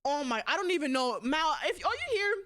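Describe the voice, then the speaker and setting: A young woman streaming live, chatting casually and bluntly, swearing a lot and swinging between loud outbursts and quieter asides. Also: high-pitched, very animated, fairly quick. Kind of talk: casual livestream chat.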